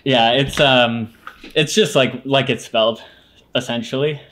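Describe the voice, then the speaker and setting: A man co-hosting a casual podcast chat, laid-back and halting, with many fillers. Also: medium pitch, fairly even intonation, a bit bright. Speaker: podcast co-host.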